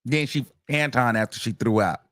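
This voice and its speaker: A man hosting a casual gossip commentary, recapping courtroom testimony in an animated, chatty way. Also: medium pitch, moderate pace, no echo, studio quality. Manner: animated, gossipy, acts out quoted texts in a raised voice. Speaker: commentary host.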